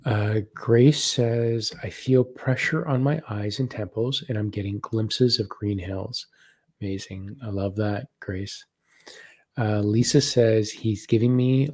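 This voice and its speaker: A man hosting a live spiritual practice session, reading viewer comments and describing what he senses in a slow, soft-spoken way. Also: fairly low pitch, breathy edge. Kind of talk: live guided meditation session.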